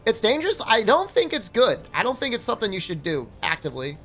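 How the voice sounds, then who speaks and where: A woman's voice: on the high side, sing-song, fast, soft background music. A woman streamer casually telling a rambling story during a live stream, often breaking into laughs. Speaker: game streamer.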